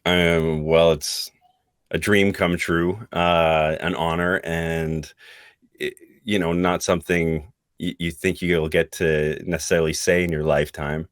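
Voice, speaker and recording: A middle-aged man with a very low voice talks through a casual podcast interview. His speech is reflective and unhurried, and he keeps pausing to find the right words. The sound is dry and close, with no room echo. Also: little pitch movement, smooth. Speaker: voice actor guest.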